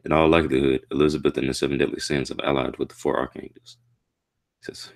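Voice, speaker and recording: A man reading a manga chapter aloud and reacting to it in a casual, slangy way, with excitable outbursts. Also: rumbling low, fast.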